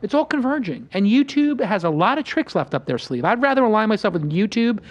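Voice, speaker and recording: A man's voice: high-pitched, a little fast. A man hosting a casual roundtable talk show, telling stories with boastful energy and acting out what others said. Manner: boastful, animated storytelling with acted-out quotes. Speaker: podcast host.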